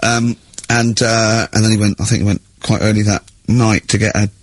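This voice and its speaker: A man's voice: fairly low pitch, level tone, normal speed, no echo. A man hosting a radio show and telling stories in casual banter, laughing as he goes. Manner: storytelling with laughs. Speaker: radio host.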